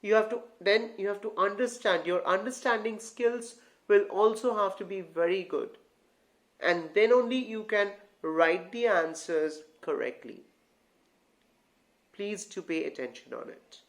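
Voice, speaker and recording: Speaking at a measured pace in a middle pitch, an English tutor walks online learners through reading comprehension as a grammar lesson. Regular pauses ask if the "guys" are following along, and phrases are often repeated or restarted.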